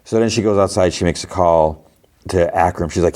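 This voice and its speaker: A man with a very low voice talks through a show recap in loose, casual chat. He keeps restarting his sentences and leans on fillers as he goes. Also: fairly quick, darkish tone. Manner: rambling, filler-heavy retelling with many restarts. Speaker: podcast host.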